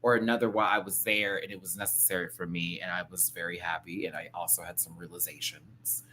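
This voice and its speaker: A man hosting a casual live-stream review, ranting to his viewers in a sassy, slangy, animated way that swings between loud bursts and soft asides. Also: sits low, fast talker, a little hiss or hum. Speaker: show review host.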